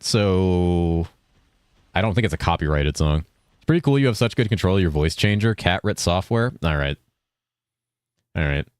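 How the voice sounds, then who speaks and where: A man's voice: deep voice, dry recording, clean studio sound. A man in his thirties chatting casually on a game stream, rambling and reacting to chat messages. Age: 30s.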